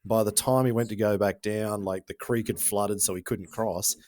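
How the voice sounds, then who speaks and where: A man with an Australian accent hosting a podcast, telling stories in a chatty, joking and animated way. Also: fairly low pitch, normal speed, no room sound, clean studio sound. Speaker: podcast host. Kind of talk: casual chat.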